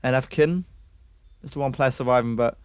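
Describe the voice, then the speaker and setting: At a moderate pace and in a mid-range voice, a UK man casts an online esports match, getting excitable and leaping up in pitch on kills. He chats with his stream audience between rounds, and a little hiss or hum sits under the recording.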